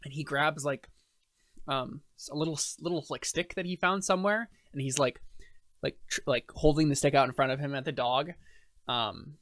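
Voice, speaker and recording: A man's voice: a little high, moderate pace, fairly bright tone, dry recording. Guy running a tabletop game, um and uh everywhere, dry close sound. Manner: rambling, many fillers. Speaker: game master.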